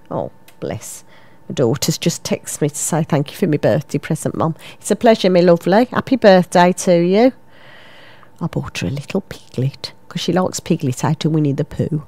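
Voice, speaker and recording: A woman in her fifties from England, presenting a local radio show with lively, self-mocking, rambling chat into a studio microphone. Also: medium pitch, normal speed, no room sound. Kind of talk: chatty local radio banter.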